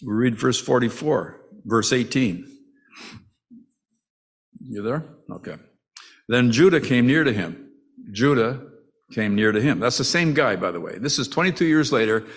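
A man delivering a sermon like he's chatting with the congregation. He often restarts his sentences and breaks off into asides. His voice sits at an everyday middle pitch. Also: lively intonation, a little slow, pauses often. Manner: conversational, with frequent restarts and asides; acts out the brothers' quoted lines with rising emotion. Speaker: preacher.

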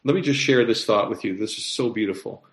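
A man's voice: fairly low pitch, fast talker, fairly bright tone. A man preaching a sermon in a conversational way, repeating phrases and asking the listeners questions. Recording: echoey room.

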